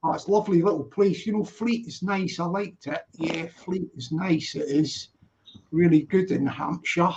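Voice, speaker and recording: A man with a London accent hosting a casual live-stream chat, laughing often and chatting warmly with callers. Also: on the high side, steady tone, moderate pace, dull audio.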